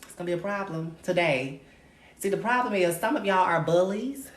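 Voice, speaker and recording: At normal speed and on the low side, a woman's voice carries a brash, profane, sassy rant to the viewers of her own livestream, each of them called darling. Roomy echo and faint noise color the recording.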